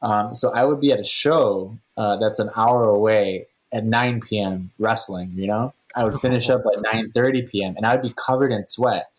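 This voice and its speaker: A man with a fairly low voice, speaking as a podcast guest. He tells stories in a casual, animated way and slips into the dialogue as he goes. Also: moderate pace, few pauses. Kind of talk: casual storytelling.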